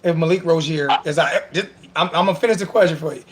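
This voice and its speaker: A man hosting a casual sports talk show, animated and emotional, sarcastic and repeating himself as he talks. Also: fairly high pitch, fast, slight background noise.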